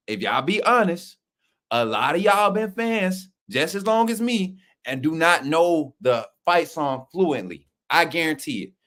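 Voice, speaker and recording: Excitable man hosting a fan live stream. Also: fairly high pitch. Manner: preacher-like shouting and chanting, laughing often. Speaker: sports channel host. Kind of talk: live-stream chat, mock preacher call.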